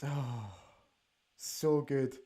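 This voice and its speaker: A man hosting a live football watch-along show from a studio, excitable and exclaiming, often repeating himself as he reacts to the match. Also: mid-range voice, extremely slow. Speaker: host.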